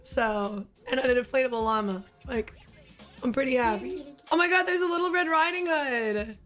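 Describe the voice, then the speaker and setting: High-voiced hoarse young woman gamer. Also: faint music behind. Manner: gushing, excitable, quick exclamations. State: hoarse, voice partly lost. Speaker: gaming YouTuber and streamer. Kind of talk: excited gameplay reaction commentary.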